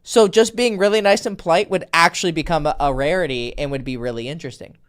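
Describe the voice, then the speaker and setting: A man's voice: on the high side, fast talker, smooth. A man working as a dating coach, talking casually and bluntly, swearing now and then and acting out quoted texts as he tells stories. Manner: animated storytelling, acts out quoted texts. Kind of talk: casual podcast conversation.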